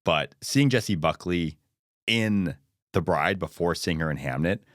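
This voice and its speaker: Podcast co-host, man, low voice, dry close sound, animated and quick with restarts. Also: dry recording. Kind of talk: casual film discussion.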